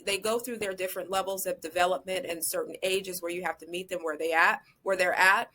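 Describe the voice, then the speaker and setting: A woman's voice: lowish voice, steady tone, a little fast, bright, forceful tone. A woman who is a guest on a podcast, giving earnest parenting advice in casual conversation. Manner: earnest, advising.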